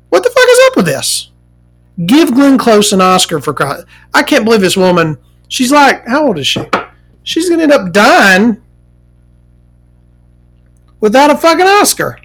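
A woman hosting a casual talk show, ranting in a profane, animated, rambling way. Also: lowish voice, vocal fry.

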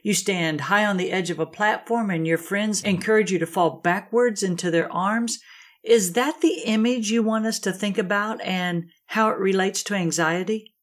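A woman hosting a Christian talk show, asking her guest questions in a slow, gentle way. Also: medium pitch. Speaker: host. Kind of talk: interview talk.

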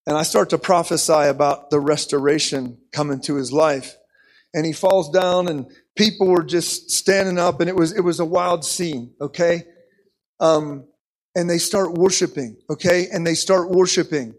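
Animated high-voiced male preacher. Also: moderate pace. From United States. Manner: animated, repeats words, frequent "okay?". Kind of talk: sermon storytelling.

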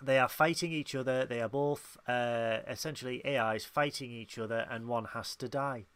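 A man co-hosting a casual review podcast, chatting and acting out characters' lines in quick asides. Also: mid-range voice, steady tone, a bit bright, smooth, no room sound. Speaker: podcast co-host.

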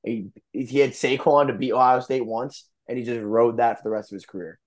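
Speaking at a medium pitch with fairly even intonation, this young sports podcast co-host rants rapidly in a casual setting. He sounds fed up and swears freely.

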